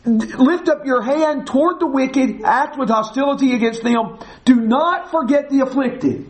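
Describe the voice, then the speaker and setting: A man's voice: extremely high pitch, unhurried, low-quality recording. A man teaching verse by verse through a psalm, stressing and repeating key phrases emphatically. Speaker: preacher.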